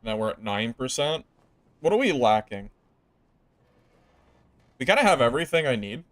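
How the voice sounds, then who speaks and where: A young man streaming a video game, chatting casually to viewers, jumping from excited outbursts to low, deflated grumbling. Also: normal speed. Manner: swings from excited yelling to mumbled, deflated grumbling. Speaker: gaming streamer. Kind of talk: casual gameplay commentary.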